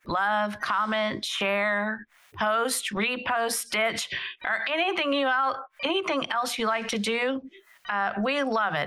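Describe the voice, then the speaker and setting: A woman's voice: medium pitch, bright, forceful tone, rough recording. A woman co-hosting a casual podcast, talking in an earnest, upbeat way and laughing easily. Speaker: podcast co-host. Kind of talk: casual chat.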